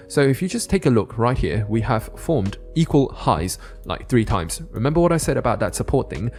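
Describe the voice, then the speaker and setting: A man giving a casual crypto chart analysis, often checking in with the listener with quick tag questions. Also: lowish voice, darkish tone. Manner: casual, keeps adding "right?" tag questions. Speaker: crypto trading YouTuber.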